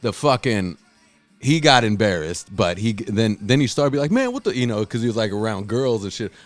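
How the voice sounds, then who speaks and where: A man's voice: fairly quick, no echo, faint music behind. A man hosting a podcast, telling a wild story in casual, profane chat and acting out the people in it. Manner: profane, animated, acts out quotes in a loud high voice. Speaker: podcast host.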